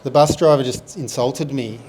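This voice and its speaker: A man's voice: mid-range voice, moderate pace, a little mellow, slight background noise. A man, a local comedian, answering in short, laid-back replies before telling a joke. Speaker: guest comedian.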